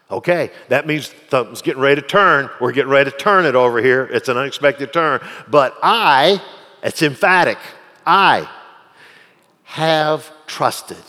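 A middle-aged man preaching a sermon in a conversational style, with soft asides and emphatic repetition. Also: medium pitch, big-room sound. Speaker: pastor.

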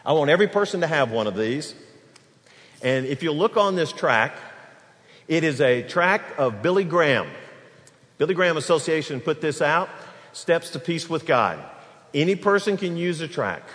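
Animated male pastor in a reverberant church. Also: a little high, a little slow, pauses often. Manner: storytelling, animated, folksy. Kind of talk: sermon. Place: church sanctuary. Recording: long hall reverb.

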